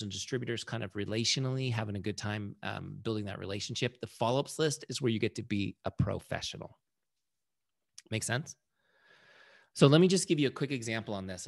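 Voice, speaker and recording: A man leading a casual sales training session, telling a story and acting out quoted lines in a conversational way. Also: medium pitch.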